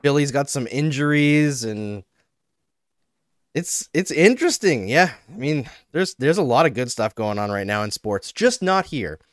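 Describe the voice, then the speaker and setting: A man's voice: mid-range voice, sing-song, measured pace, no room sound. A man with a mid-range voice chats as a co-host, wry and talkative. He mocks others by putting on their voices. The room sound is dry and close. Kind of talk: casual chat.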